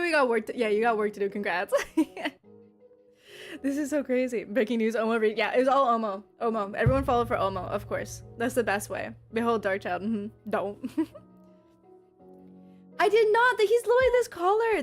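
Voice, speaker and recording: A woman's voice: a little high, a little fast, soft background music. A young adult woman streaming live, bubbly and giggly as she reads and answers her chat. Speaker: livestreamer.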